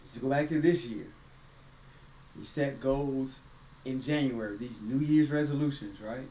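Speaking at a measured pace, a man with a dark, medium-pitched voice co-hosts a laid-back faith podcast, preaching in a folksy manner and slipping into quoted voices. A distant mic picks up roomy echo, faint ambience, and a little hiss or hum.

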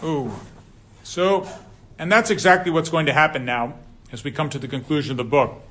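A man's voice: a little high, expressive, fairly quick, fairly bright tone, slight background noise. A man teaching a Bible class in a conversational, digressive way, reading passages aloud and then explaining them. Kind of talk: scripture class lecture.

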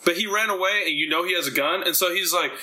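Animated bright-voiced male podcast host. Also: sits high, quick pace, poor audio. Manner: animated storyteller, acts out quotes, swears freely. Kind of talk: casual podcast chat.

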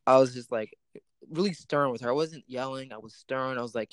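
Male podcast host, mid-pitched, relaxed storyteller, dry booth sound. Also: brisk, clean tone, no echo. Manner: storytelling, animated retelling with quoted dialogue. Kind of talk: casual chat.

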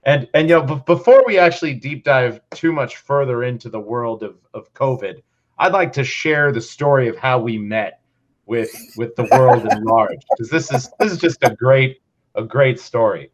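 A young man who teaches, hosting a casual podcast and telling a story with animated, playful reenactments of his own thoughts. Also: mid-range voice, normal speed. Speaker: podcast host. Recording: slightly dull lo-fi sound.

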